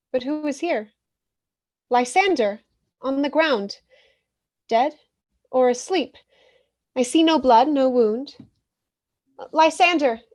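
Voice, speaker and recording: A woman's voice: high-pitched, a little mellow. A woman playing the lovelorn young Helena, speaking verse with pleading emphasis in a community theatre reading.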